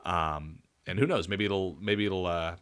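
A man with a fairly low voice chats on a casual podcast. He rambles through his points with plenty of ums and false starts. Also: steady tone, unhurried, fairly bright tone, clean tone. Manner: rambling with many fillers and restarts. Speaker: podcast co-host.

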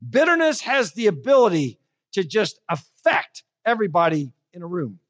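Lively woman preaching a sermon. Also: mid-range voice, highs cut off. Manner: animated storytelling, slows down for emphasis.

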